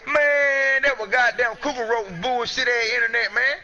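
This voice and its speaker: A man streaming a console game from home, trash-talking his friends in loud, profane, boastful banter over a headset. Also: very high-pitched, steady tone, normal speed, soft background music. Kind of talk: casual trash talk over game chat. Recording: muffled lo-fi stream audio.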